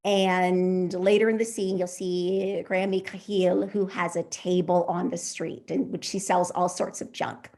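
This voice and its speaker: A woman author introducing and reading her novel at a literary festival, hesitant with fillers in talk and lively in the reading. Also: on the low side, creaky. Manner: hesitant with many fillers between thoughts; lively, sing-song reading of the excerpt.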